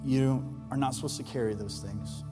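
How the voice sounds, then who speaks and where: A man pastor delivering an Easter sermon, earnest and emphatic, rising to loud peaks and dropping soft for tender lines. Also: mid-range voice, fairly even intonation, normal speed. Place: large church hall. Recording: live church hall with long reverb and soft music.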